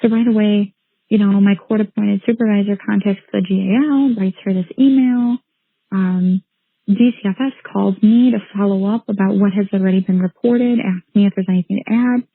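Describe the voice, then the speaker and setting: Woman, mother telling her story, gravelly and flat-toned, dry tinny phone-like sound. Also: mid-range voice, moderate pace, no room sound. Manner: earnest, indignant, with frequent restarts. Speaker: mother recounting her son's case. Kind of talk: emotional personal account.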